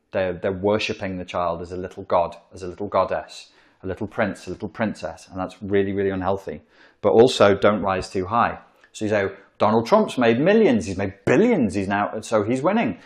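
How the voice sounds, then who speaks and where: A man giving an informal psychology lecture, blunt and profane, in a room where he writes on a board. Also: low-pitched. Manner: blunt and profane, acts out quoted voices.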